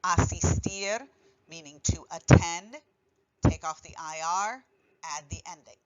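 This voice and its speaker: Teacher type: a woman walking students through verb endings, slow and deliberate on each form, slightly muffled recording. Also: lowish voice. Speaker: Spanish teacher. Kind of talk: classroom grammar lesson.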